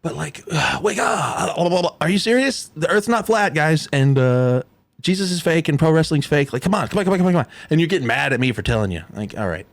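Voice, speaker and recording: A man's voice: a little high, animated, brisk, vocal fry, no echo. A young man ranting on his livestream, sarcastic and mocking, swearing a lot and mimicking people in sneering voices.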